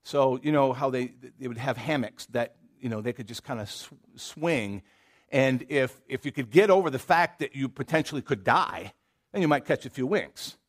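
A man's voice: medium pitch, normal speed. A male pastor with a Southern American accent, preaching a casual, storytelling sermon full of asides and rhetorical questions. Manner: conversational storytelling, frequent fillers and rhetorical questions.

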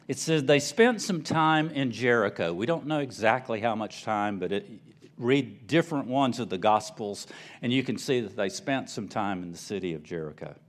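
A male pastor preaching a sermon, retelling the story with animated storytelling and repeated phrases. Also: mid-range voice.

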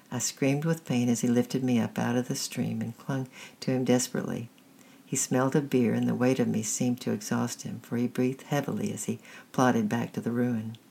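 A woman hosting a story-time reading, narrating a chapter book in a steady, measured way. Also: a bass voice, vocal fry, breathy edge.

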